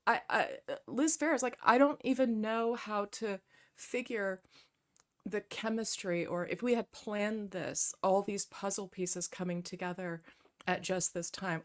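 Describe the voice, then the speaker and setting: A woman speaking emotionally on a community livestream, effusive and close to tears, rambling as she thanks everyone. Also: a little high. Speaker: community member. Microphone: handheld mic held close.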